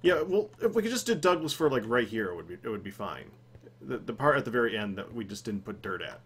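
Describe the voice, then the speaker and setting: Lively man hosting a game session. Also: mid-range voice, fast talker, slight background noise. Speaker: host recording a gaming series. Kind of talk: casual gaming chat.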